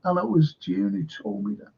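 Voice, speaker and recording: An older man hosts a casual livestream, reading the chat while rambling with plenty of fillers and repeating himself. His voice is high, creaky, and husky with a dark tone, delivered steadily at normal speed. The stream audio sounds dull and lo-fi.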